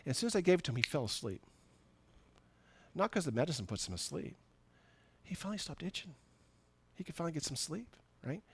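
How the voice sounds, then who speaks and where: A man's voice: fairly high pitch, very animated, fast, long pauses, fairly bright tone, breathy edge. A middle-aged man preaching as a pastor, telling a personal story in a conversational way, acting out the dialogue and laughing at himself. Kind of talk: storytelling sermon. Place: church sanctuary.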